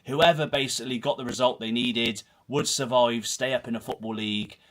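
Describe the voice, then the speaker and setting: A man's voice: medium pitch, steady tone, fairly quick, a bit bright. A man in his thirties with a Herefordshire and Gloucestershire accent, hosting a casual football livestream from a small home room, rambling and self-deprecating as he reads comments. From Herefordshire, England. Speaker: host of a football channel livestream. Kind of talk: casual solo livestream chat, reading comments.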